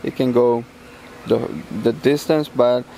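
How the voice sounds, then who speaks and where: A man who fights professionally speaks in a middle-range voice, answering questions in a relaxed, halting way full of fillers. A faint hum sits behind him. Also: mid-range voice. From Sweden. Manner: halting, many fillers and restarts. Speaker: MMA fighter, champion. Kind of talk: casual interview answers.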